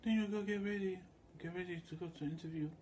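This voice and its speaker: Mellow-voiced man in a rambling monologue. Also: sits high, fairly even intonation, fast, a little hiss or hum. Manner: loose, meandering storytelling with quoted voices.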